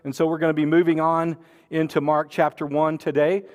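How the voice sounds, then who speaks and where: A man's voice: fairly high pitch, flat delivery, brisk, big-room sound. A man preaching a sermon and making church announcements, folksy and joking, with many fillers and restarts. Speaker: pastor.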